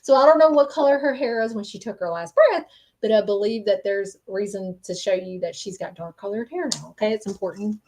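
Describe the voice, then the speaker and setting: A woman giving a live-stream spirit reading as a medium. She talks earnestly, in a mid-range voice, and keeps pausing for "okay?" and "um" as she relays messages. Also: mid-range voice, a little mellow. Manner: earnest, repeats "okay?" to check in, frequent ums.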